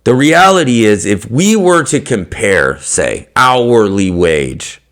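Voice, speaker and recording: A man's voice: on the low side, sing-song, takes it slowly, a bit bright. A man hosting a podcast, ranting bluntly to fellow hairdressers, swearing often and stuffing his talk with fillers. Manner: blunt, heavy swearing, lots of fillers, laughs mid-rant. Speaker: podcast host. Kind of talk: profane rant to fellow hairdressers.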